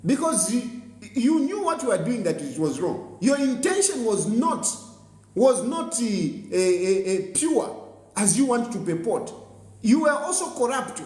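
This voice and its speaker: A Zambian man delivers a heated political monologue, scolding and repeating himself for weight. His voice sits high and moves a lot. The room is echoey. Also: sing-song, unhurried, darkish tone. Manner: combative, scolding, repeats phrases for emphasis. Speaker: political commentator host. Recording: roomy echo.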